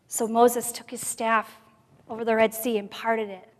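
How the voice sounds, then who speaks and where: A woman with a fairly high voice gives a sermon at a women's conference, mixing personal testimony with scripture. She drops to near-whispers and then rises to emphatic bursts. Her voice rings with the long reverb of a church sanctuary. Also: a little slow. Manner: expressive, swings from soft to loud. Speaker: conference speaker.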